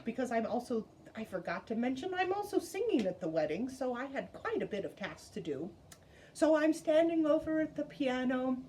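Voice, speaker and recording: A woman telling a personal story at a story slam, animated, with big swings in pitch and loudness. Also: slight background noise, low-quality recording.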